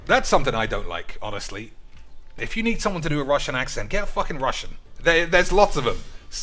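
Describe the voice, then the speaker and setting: A man's voice: medium pitch, big pitch swings, fast talker, sharp tone, soft background music. Brash, sweary young male streamer. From United States. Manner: brash, sweary, addresses viewers as boys. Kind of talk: casual gaming commentary.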